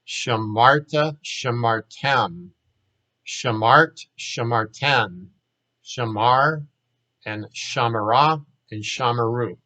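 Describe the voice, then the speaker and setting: A man with a Southern American accent teaching a grammar lesson in a casual way, saying each word slowly and repeating it for drill. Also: medium pitch, pushed and bright, low-quality recording. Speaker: Hebrew teacher.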